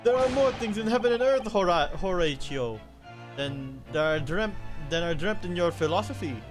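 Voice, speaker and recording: A man's voice: high voice, animated, normal speed, music in the background. A man putting on a grandiose Shakespearean lodger. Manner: grandiose archaic recitation, drawn out. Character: theatrical male lodger quoting Shakespeare.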